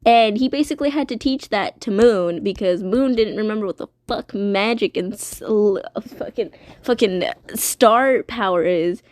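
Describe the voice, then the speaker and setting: A woman's voice: mid-range voice, normal speed, a little mellow, no echo. A woman streamer casually retelling a story, rambling and swearing with lots of fillers.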